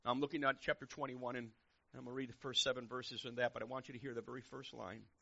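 A man preaching a sermon, dropping to a hush and then rising to loud, fervent preaching. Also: medium pitch, level tone, fast, creaky, highs cut off. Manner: swings from hushed and intimate to loud, fervent preaching.

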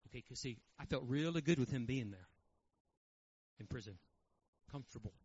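A man preaching a sermon, telling a story in a folksy, animated way. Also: medium pitch, moderate pace, breathy edge, no echo, dull audio. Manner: animated, folksy, with quoted voices.

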